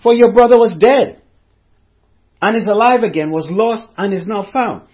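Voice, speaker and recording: A preacher voicing a gentle pleading father. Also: sits high, normal speed, lo-fi sound, natural voice. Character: patient loving father, older man.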